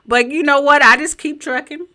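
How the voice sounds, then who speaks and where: A woman with a Southern US accent, a business coach in her home office, teaching in a chatty, animated way straight to her viewers over a webcam mic. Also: moderate pace. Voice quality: a little high-pitched. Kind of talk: live-streamed teaching presentation.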